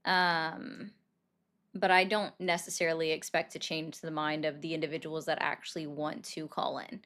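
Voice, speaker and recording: A woman's voice: sits low, little pitch movement, moderate pace, a bit bright. Brief: a female livestream host, casual and chatty, taking calls and greeting viewers by name. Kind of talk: casual live political commentary.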